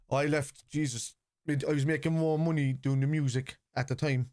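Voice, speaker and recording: A man's voice: a little high, fairly even intonation, moderate pace, darkish tone, dry recording, studio quality. An Irish man in his forties, hosting a football watchalong stream and lecturing his chat in an argumentative way. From Ireland. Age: 40s. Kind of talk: live stream chat reply.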